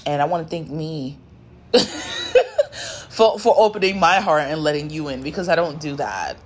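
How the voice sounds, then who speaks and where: Brief: woman, lowish voice, blunt and profane, unscripted rant, faint background hiss. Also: expressive, fairly quick. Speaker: spiritual content creator and card reader.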